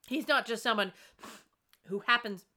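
Woman co-host, high bright voice, very animated delivery, casual show recap. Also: normal speed. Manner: animated, acts out characters' lines in quotes. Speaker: podcast co-host. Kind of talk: casual episode recap chat.

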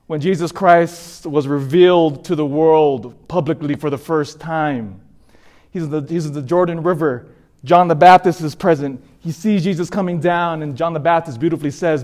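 A man delivers a sermon testimony with raw emotion. He talks in a halting way, repeating words as he pleads with his listeners, and his voice sits a little high for a man. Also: darkish tone. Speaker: preacher giving testimony.

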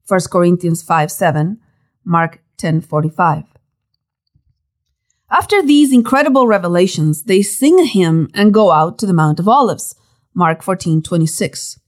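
A woman giving a devotional Bible teaching in a dramatic, expressive way, full of rhetorical questions. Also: on the low side, measured pace.

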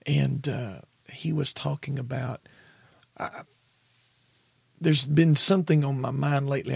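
A man co-hosting a podcast in casual chat, telling family stories and jumping high in pitch when he quotes himself. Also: vocal fry, slightly rough, no room sound. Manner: animated storyteller, jumps high when quoting himself. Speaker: podcast co-host, pastor.

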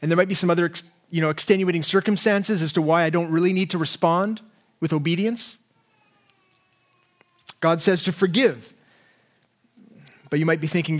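A man's voice: fairly high pitch, moderate pace, pauses often. A man preaching a sermon in an earnest way, often repeating words and asking his listeners questions.

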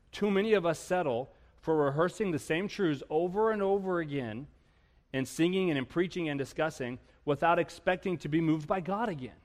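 A fairly high-voiced man delivers a sermon from the pulpit in a lively, storytelling way. He mixes humor with rhetorical questions. His voice rings out with a long reverb through the church hall. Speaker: pastor. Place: church sanctuary.

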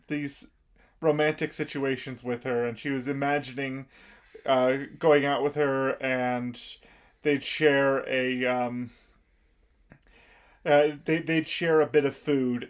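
A man's voice: medium pitch, little pitch movement, measured pace. A man in casual chat explaining an anime plot, hesitant with fillers. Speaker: podcast co-host.

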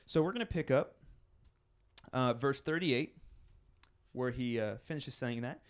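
A man's voice: mid-range voice, a little slow, smooth. Pastor guy preaching, chatty, gets more intense as he goes. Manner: conversational, builds scenarios with rising intensity. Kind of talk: sermon.

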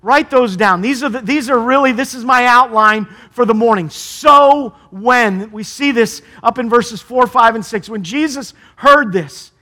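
A middle-aged male pastor delivers a sermon in a high voice. His tone is bright and forward, and he talks in an easy conversational way, often turning to the congregation with rhetorical questions. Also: normal speed, hardly any pauses.

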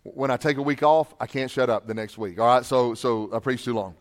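A male pastor preaching a sermon, swinging from quiet, low asides to loud, repeated shouted refrains. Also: a little fast.

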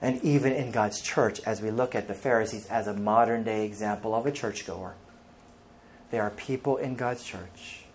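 A man's voice: fairly low pitch, moderate pace, slight background noise. A male pastor preaching an emphatic sermon, reading scripture aloud and speaking directly to the congregation.

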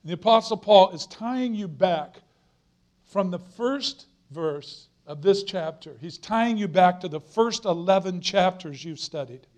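A middle-aged man preaches with a fairly high voice. He is earnest and emphatic, and he drives points home by repeating phrases. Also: animated, a little slow, darkish tone. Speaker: guest preacher. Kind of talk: sermon.

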